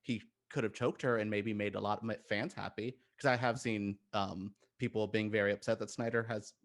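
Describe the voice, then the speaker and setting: A man's voice: fairly low pitch, steady tone, fairly quick. A man on a film podcast panel, chatting in a rambling, enthusiastic, jokey way. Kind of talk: casual roundtable chat.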